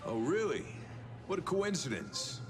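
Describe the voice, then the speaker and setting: A man's voice: on the high side, big pitch swings, unhurried. Jumpy game guy, stammers a lot, voice swings up and down, game music behind. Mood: evasive. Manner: hesitant, stammering. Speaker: game character.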